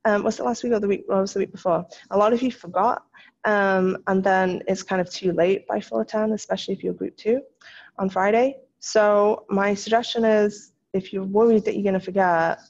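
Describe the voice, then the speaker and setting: A woman's voice: mid-range voice, fairly even intonation, normal speed, a little mellow. A woman French teacher giving a recorded lesson, patiently explaining in English with French phrases. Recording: dull lo-fi recording.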